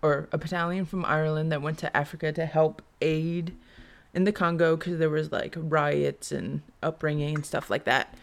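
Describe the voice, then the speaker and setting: A woman's voice: low voice, fairly even intonation, moderate pace, creaky. A woman in casual podcast chat, rambling through an anecdote with lots of fillers and a sarcastic edge.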